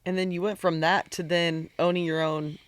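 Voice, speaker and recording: A woman's voice: on the low side, level tone, normal speed. Woman hosting a podcast interview. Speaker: podcast host. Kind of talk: casual interview.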